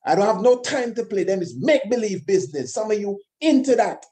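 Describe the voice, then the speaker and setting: High mellow man preaching emphatically. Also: big pitch swings, a little fast, hardly any pauses. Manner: emphatic, repetitive, rhetorical questions. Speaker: host of his own channel. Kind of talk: impassioned monologue.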